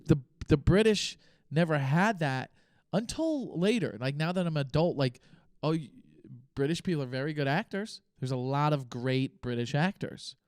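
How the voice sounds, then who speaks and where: A young man hosting his own podcast, thinking aloud in a rambling, unscripted way with pauses and restarts. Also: fairly high pitch, expressive, a little mellow, smooth, dry recording, studio quality. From United States. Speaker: podcast host. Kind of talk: casual solo podcast talk.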